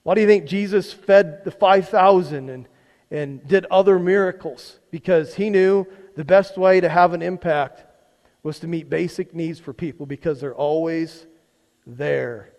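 A man's voice: a little high, a little slow, a little mellow. A male pastor preaching a conversational sermon to his church, often asking the congregation questions and repeating words as he goes. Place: church sanctuary. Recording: long hall reverb.

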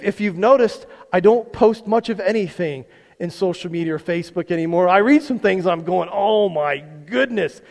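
A man's voice: sits high, a little mellow. A male pastor preaching a conversational sermon to his church, often asking the congregation questions and repeating words as he goes. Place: church sanctuary. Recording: long hall reverb.

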